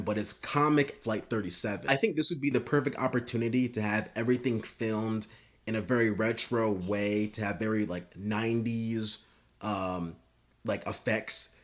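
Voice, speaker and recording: A man pitching a story idea in casual, rambling talk, swearing and filling gaps with "uh" and "like". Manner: rambling and profane, with many fillers. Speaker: video creator.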